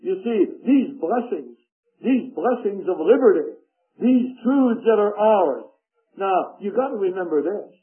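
A man preaching a sermon, slow and emphatic, reading scripture aloud. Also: high-pitched, big pitch swings. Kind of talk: radio sermon. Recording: tinny phone-like radio broadcast.

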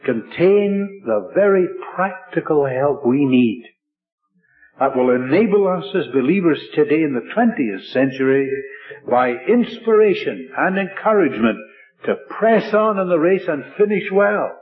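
A man preaching a sermon in a measured, emphatic way, stressing his points through repetition. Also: fairly high pitch, very animated. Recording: tinny lo-fi radio broadcast with faint music.

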